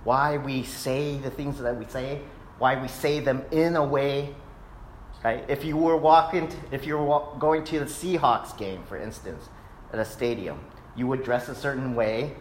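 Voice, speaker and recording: A man's voice: mid-range voice, fairly even intonation, a little slow, a little hiss or hum. A man in his thirties, a pastor, preaching a casual sermon in a church sanctuary and telling stories with frequent "right?" asides. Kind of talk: conversational sermon.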